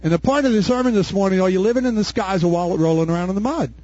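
An older male pastor with a husky, fairly high voice preaches a fervent sermon, swinging from folksy asides to shouted declarations. The recording sounds dull and dry, with no room echo. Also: rapid-fire.

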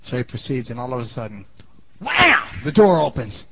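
A man's voice: mid-range voice, wildly swooping pitch, moderate pace, creaky, lo-fi sound, a little hiss or hum. A man preaching a sermon in a dramatic storytelling style, often asking the audience questions.

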